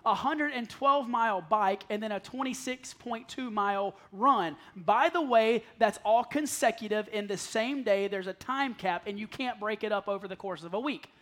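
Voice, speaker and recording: A man preaching a sermon to a congregation, telling stories with self-deprecating humor and acting out the voices he quotes, sometimes dropping to a soft plea. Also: sits high, normal speed, few pauses. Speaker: pastor. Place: church sanctuary with congregation.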